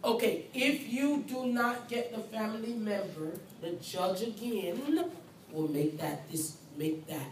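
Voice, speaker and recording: Slow, emphatic woman nursing lecturer. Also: mid-range voice, expressive, slight background noise. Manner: emphatic, repetitive, speaks as the patient in first person. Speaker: nursing instructor. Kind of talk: classroom lecture. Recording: roomy, far from mic, faint ambience.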